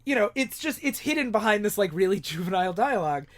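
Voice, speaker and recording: A man's voice: sits high, sing-song, fast talker, fairly bright tone. A man co-hosting a podcast, casually recapping a comic book plot and quoting the characters as he goes. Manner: recaps plots, acts out characters' lines in passing. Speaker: podcast co-host.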